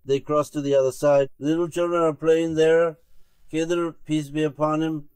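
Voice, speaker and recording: A male preacher tells a sacred story to his listeners, marking each speaker as he goes. His voice is smooth and resonant. The sound is close and dry, with no room ring. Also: on the high side, level tone, moderate pace, darkish tone, dry recording. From Turkey. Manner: retells a tale with many "he says" tags. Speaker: sheikh preaching to his circle. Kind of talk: sermon storytelling.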